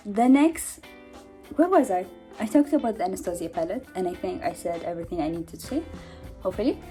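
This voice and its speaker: A woman's voice: medium pitch, mellow. Giggly, breathless young woman vlogging. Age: 20s. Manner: chatty, giggly, self-mocking. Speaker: beauty vlogger. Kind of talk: casual makeup haul chat. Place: at home in her mother's house. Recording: home vlog with background noise.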